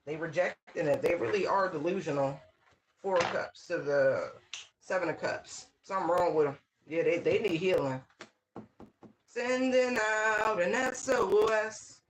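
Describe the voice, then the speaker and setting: Animated, exclaiming tarot reader. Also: medium pitch, moderate pace, slight background noise, rough recording. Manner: animated, exclaims and repeats words for emphasis; talks straight to the viewer, often asking "right?". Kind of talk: casual channeled tarot reading.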